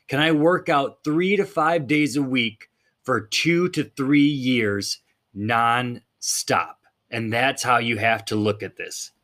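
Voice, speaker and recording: A man's voice: medium pitch, normal speed, fairly bright tone. A man hosting a fitness podcast in a blunt, fired-up monologue, swearing casually as he talks.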